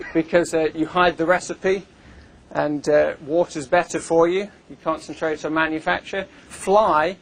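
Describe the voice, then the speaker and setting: An invited speaker, a man with a fairly high-pitched voice, gives a conference presentation to a live audience in a conference room. His delivery is conversational and wry, with lots of filler words.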